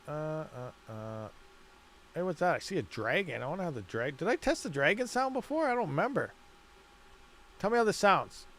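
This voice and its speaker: A man's voice: a little high, sing-song, moderate pace, fairly bright tone, a little hiss or hum. A man hosting a livestream, rambling casually, laughing a lot and muttering while he fiddles with settings. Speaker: mining livestream host.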